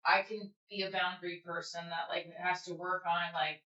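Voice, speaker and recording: A woman's voice: lowish voice, flat delivery, normal speed, sharp tone. A woman hosting a casual livestream chat with viewers, candid and rambling, swearing freely. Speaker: livestream host. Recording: echoey room, slightly dull audio.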